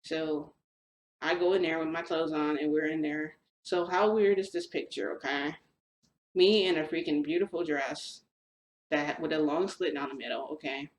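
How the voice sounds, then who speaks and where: A woman's voice: low voice, normal speed, slight background noise. A woman casually telling her viewers a rambling story, full of fillers and mild slang. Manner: chatty, rambling, lots of "like" and "freaking". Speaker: vlogger recounting a shifting experience. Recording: roomy echo with faint ambience.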